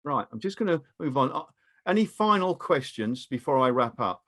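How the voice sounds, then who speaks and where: The presenter is a British man of medium pitch running a training webinar via video call. His guidance comes across calm and measured.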